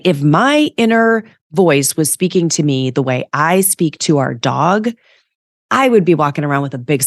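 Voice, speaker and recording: A woman's voice: sits low, dry recording, clean studio sound. A woman hosting a reflective self-help podcast as a coach, talking conversationally and often checking in with "right?".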